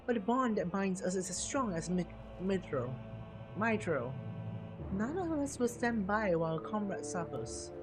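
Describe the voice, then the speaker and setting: A man voicing an earnest young woman resistance soldier from a game, reading her formal, old-fashioned lines aloud with game music behind. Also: high voice.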